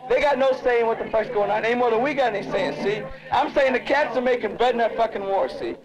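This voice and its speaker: A man's voice: extremely high pitch, quick pace, dull audio, a crowd in the background. A man arguing heatedly in a street debate, profane and insistent, with streetwise slang. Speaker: community member in a street debate. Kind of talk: heated argument.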